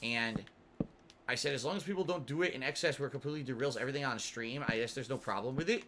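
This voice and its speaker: A man's voice: mid-range voice, fast talker, noisy background. A man casually chatting on a gaming livestream, rambling and musing aloud with some swearing, yawny tonight. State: yawny, sleepy. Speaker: streamer.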